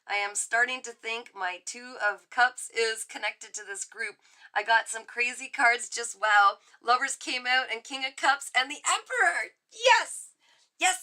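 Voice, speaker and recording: A middle-aged woman chatting excitedly on a live tarot stream, reacting to viewer comments as she reads cards. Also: a little high. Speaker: psychic reader on a live stream. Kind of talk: casual live tarot chat.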